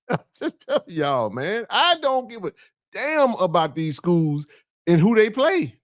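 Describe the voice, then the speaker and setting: A man with a high, bright speaking voice hosts a casual sports talk show. He piles on repetitions and playful trash talk in a dry, close recording. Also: sing-song, slow, no echo.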